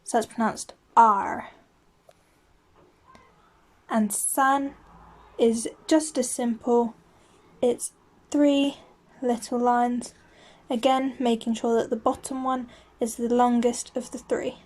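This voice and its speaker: A woman teaching a language lesson, explaining each word slowly and saying it twice for the learner to repeat. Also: on the high side, flat delivery, darkish tone. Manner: patient, says each word twice clearly. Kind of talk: slow, clear lesson with repeat-after-me drills.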